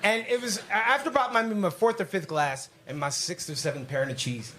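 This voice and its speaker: On a comedy club stage before a live audience, a man performs a stand-up set, brashly telling crude stories and doing voices for the people in them. His voice is high and sharp, he speaks a little fast, and there's slight background noise.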